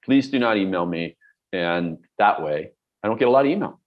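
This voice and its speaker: A man's voice: on the low side, lively intonation, a little fast, lo-fi sound. A middle-aged man coaching on productivity, talking bluntly and emphatically with everyday examples. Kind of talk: direct-to-camera advice talk.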